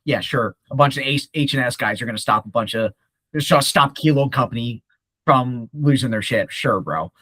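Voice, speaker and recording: A young man telling a profane, animated story in casual talk, often acting out the voices of others. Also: medium pitch, normal speed, slightly rough, no echo. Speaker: podcast guest.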